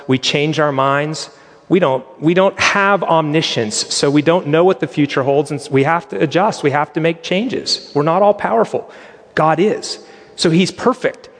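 A man's voice: on the high side, big-room sound. A male pastor preaching a sermon, telling a Bible story in a conversational way with humorous asides.

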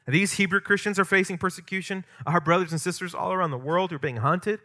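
A man preaching a sermon as pastor, emphatic and conversational, swinging from loud stressed points to quiet asides. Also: on the high side, fast talker. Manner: conversational with asides and light humor.

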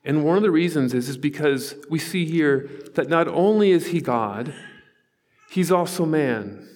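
A man's voice: on the high side, lively intonation, measured pace, a little mellow, big-room sound. A man in his forties preaching a sermon, telling stories in an earnest, conversational way with asides to the congregation. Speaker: pastor. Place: church sanctuary.

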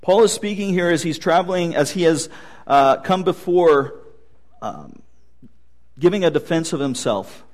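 Male pastor, fairly high voice, storytelling sermon with light jokes. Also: expressive, unhurried, a little mellow.

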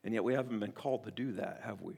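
A man preaching a sermon as pastor, earnest and emphatic, often restarting phrases and swinging between quiet and loud. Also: on the low side, fast, vocal fry, slightly rough.

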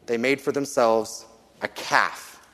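A man preaching a sermon, reading scripture aloud and slowing down earnestly to stress key lines. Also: medium pitch, steady tone, fairly bright tone, big-room sound. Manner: earnest, measured, slows for emphasis.

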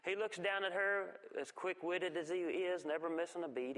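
A man giving a folksy church testimony, telling stories with halting restarts. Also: a little high, fairly even intonation, fairly bright tone. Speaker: guest speaker giving testimony. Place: church sanctuary. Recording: long reverb of a church hall.

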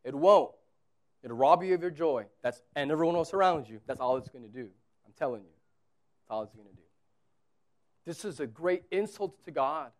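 A man in his thirties preaching a sermon as pastor, conversational, moving between quiet asides and loud, emphatic repetition. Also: on the high side, lively intonation, moderate pace, pauses often.

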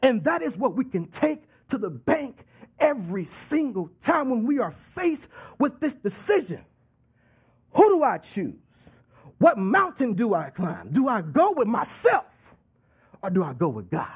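A man preaching a sermon with emphatic, drawn-out delivery and call-and-response asides. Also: extremely high pitch, very animated, breathy edge.

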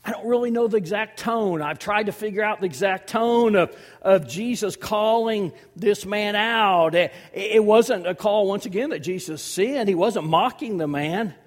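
A man in his fifties preaching a sermon as pastor, swinging between loud emphasis and hushed, near-whispered lines. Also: sits high, normal speed, hardly any pauses. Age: 50s.

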